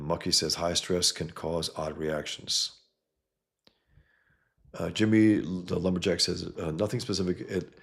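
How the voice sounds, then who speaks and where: A man's voice: sits low, vocal fry. A man hosting a casual livestream, reading chat comments and rambling bluntly, often trailing off mid-sentence.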